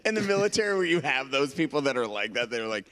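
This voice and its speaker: A man on a stream panel chimes in and agrees. His voice is bright, and his pitch leaps around a great deal. He talks casually and keeps his remarks short. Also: big pitch swings, fast talker.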